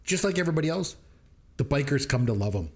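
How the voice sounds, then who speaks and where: A man co-hosting a podcast, recounting movie scenes with enthusiasm and quick quoted voices. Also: fairly high pitch, very animated, a little mellow. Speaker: podcast co-host. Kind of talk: casual movie review chat.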